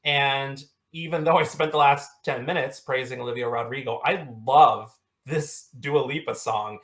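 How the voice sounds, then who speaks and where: A man's voice: mid-range voice, moderate pace, a bit bright. A man in a casual chat about music picks, dry and teasing. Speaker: co-host.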